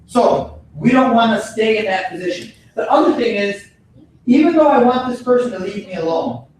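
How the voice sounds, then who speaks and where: High-voiced man coaching in an echoey gym. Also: expressive, moderate pace, a little mellow, recorded from a distance, slight background noise. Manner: firm, repetitive coaching instructions. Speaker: martial arts instructor. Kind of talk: coaching a kids' self-defense class.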